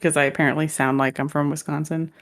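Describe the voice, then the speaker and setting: Woman podcast co-host, lowish voice, playful and jokey. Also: level tone, fast. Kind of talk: casual chat.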